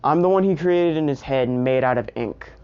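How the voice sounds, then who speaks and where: Ink demon big brother, gruff but gentle, voiced by the narrator, muffled recording. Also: mid-range voice, fairly quick, close to an everyday voice. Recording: dull lo-fi recording.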